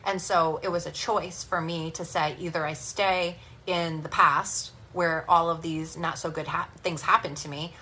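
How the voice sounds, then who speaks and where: Low-voiced woman coach, direct and energetic. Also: a little slow, few pauses. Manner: direct, energetic, tough-love motivational. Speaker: business and spiritual coach. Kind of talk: live stream sales pitch and coaching talk.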